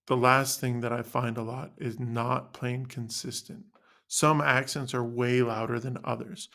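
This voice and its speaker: A man teaching a band lesson, explaining in a clear instructional way and sounding out syllables to demonstrate articulation. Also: medium pitch.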